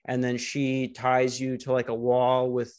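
A male comic hosting a podcast talks in a rambling, deadpan way. He stops and restarts often in crude, casual banter, and his pitch sits in an ordinary middle range. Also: unhurried. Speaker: podcast host and stand-up comic.

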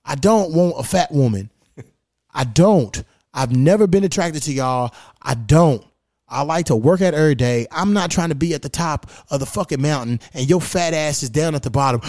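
A man with a slightly higher-than-usual voice rants bluntly and profanely as a podcast host. He sounds frustrated and unfiltered. The sound is dry and close, with no room echo. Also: expressive, moderate pace, darkish tone. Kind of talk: casual podcast rant. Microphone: stand microphone.

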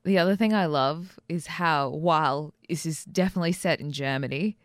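A woman co-hosting a podcast, chatting casually and animatedly, quick to laugh. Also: sits low, no room sound, studio quality. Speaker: podcast co-host. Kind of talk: casual chat.

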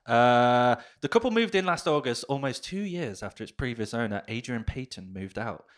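A man's voice: mid-range voice, big pitch swings, normal speed. A man co-hosting a casual chat, reading a news story aloud with jokey, sweary asides and frequent laughs. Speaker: podcast co-host.

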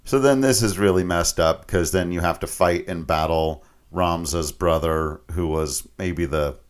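A man's voice: sits low, unhurried. A man co-hosting a podcast, casually retelling a video game story with frequent laughs and mock voices. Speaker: podcast co-host.

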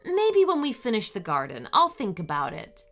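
A woman voicing a kind, gently coaxing mother in a children's storybook reading. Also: medium pitch, huge pitch swings, moderate pace. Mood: gentle. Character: kind busy mother of a young girl.

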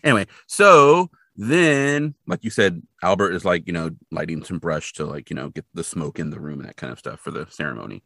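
Man, podcast co-host, low pitch, very animated delivery, laughs a lot. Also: fairly quick, vocal fry, few pauses, no room sound, clean studio sound. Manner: animated, laughs often, trails off mid-sentence. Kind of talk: casual chat recapping a TV episode.

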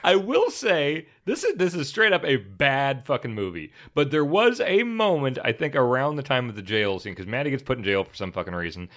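A man co-hosting a casual movie review podcast, animated, swearing freely and mimicking characters as he talks. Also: mid-range voice, fairly quick, few pauses. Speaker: podcast co-host.

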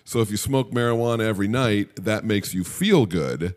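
This middle-aged man co-hosts a podcast, and his lowish voice moves at an ordinary speed. His casual talk wanders with dry humor, and he keeps interrupting himself to restart ideas.

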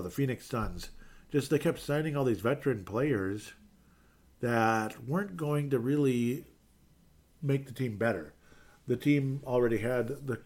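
A man with a mid-range, darkish voice hosts a laid-back sports talk stream, reading out viewer comments. He rambles, pokes fun at himself, and slips into mumbled asides.

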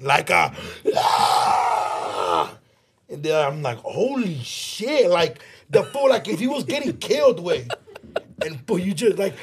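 Animated high-voiced Los man. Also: a little hiss or hum. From Los Angeles. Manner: animated storyteller, swears freely, mixes in Spanish slang. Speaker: podcast co-host. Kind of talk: casual storytelling chat.

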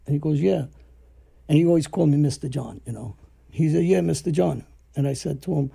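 A man's voice: on the high side, fairly quick, gravelly, dark tone, husky. A man telling stories casually, rambling and acting out the dialogue he quotes. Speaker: podcast storyteller. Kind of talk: casual storytelling.

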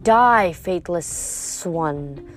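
Lady reading, doing a hissy raspy snake-monster mom, slow and taunting, soft music under it. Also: fairly low pitch, expressive, pitched below the performer's own voice. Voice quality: hissing, rasping. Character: cruel monstrous snake-woman mother, mocking.

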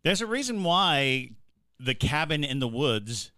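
Bright-voiced man rambling on a podcast. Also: a little high, very animated, measured pace, dry recording, clean studio sound. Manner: rambling, with many fillers and restarts, tells stories with a laugh. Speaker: podcast co-host. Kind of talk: casual podcast chat.

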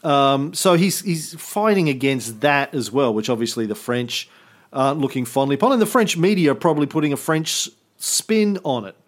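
A man's voice: medium pitch, moderate pace. A man co-hosting a history podcast, talking casually with sarcastic jokes and many fillers. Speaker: podcast co-host.

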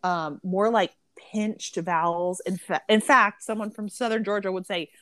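A woman's voice: medium pitch, fairly even intonation, normal speed, fairly bright tone, no echo. A woman chatting casually about a book she loved, opinionated and often laughing. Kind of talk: casual book review chat.

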